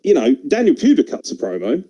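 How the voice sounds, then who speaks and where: A man's voice: a little high, wildly swooping pitch, fairly quick, dark tone. A man from England co-hosting a wrestling podcast, talking casually, swearing and laughing as he riffs. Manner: sweary, laughing, puts on impressions. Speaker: podcast co-host.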